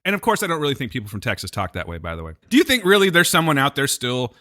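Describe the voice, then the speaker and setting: A man's voice: mid-range voice, big pitch swings, rapid-fire, sharp tone. A man co-hosting a podcast, bantering in casual chat with dry teasing jokes. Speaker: podcast co-host.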